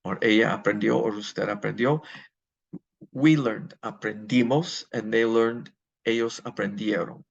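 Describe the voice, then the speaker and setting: A man's voice: fairly low pitch, fairly even intonation, a little slow, gravelly, slightly rough, muffled recording. A man teaching a Spanish grammar lesson, explaining step by step and answering his own questions.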